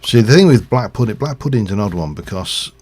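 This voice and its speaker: A man's voice: on the low side, animated, brisk, darkish tone, husky. A middle-aged man, chatting in a rambling way while he livestreams a game. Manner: rambling, chatty, with fillers and chuckles. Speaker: live streamer. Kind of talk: casual chat while playing a game.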